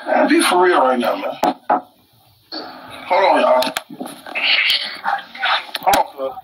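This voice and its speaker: A man, chiming in loudly and excitably during a casual chat. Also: medium pitch, slow. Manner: loud, excitable interjections. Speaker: guest. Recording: distant and noisy.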